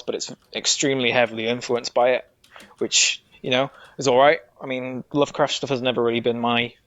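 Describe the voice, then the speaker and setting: A man's voice: mid-range voice, a bit bright, dry recording. A man, a podcast guest, chatting casually and rambling through a game review. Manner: rambling, with frequent restarts and swearing. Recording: dull dry sound.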